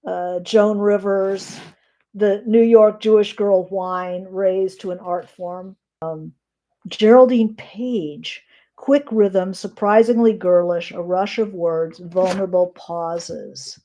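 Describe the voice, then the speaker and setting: A middle-aged woman teaching writing on a live stream, reading descriptive notes aloud with frequent pauses and fillers. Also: medium pitch, fairly even intonation, mellow.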